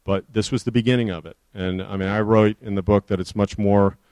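Author at a book talk: lowish male voice, dry recording, earnest narrator of history. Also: steady tone, brisk, darkish tone, clear, resonant tone, no room sound.

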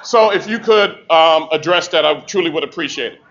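A man's voice: on the high side, normal speed, fairly bright tone. A man in the audience asking a pointed question. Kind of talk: audience question at a public talk. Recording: dull, noisy room with crowd, off-mic.

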